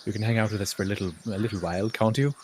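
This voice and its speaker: A man with an Australian accent voicing an excitable, childlike young gentleman who gushes in a posh, breathless way. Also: fairly low pitch, very fast, slight background noise, natural voice. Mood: chirpy. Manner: gushing, posh and breathless with delight.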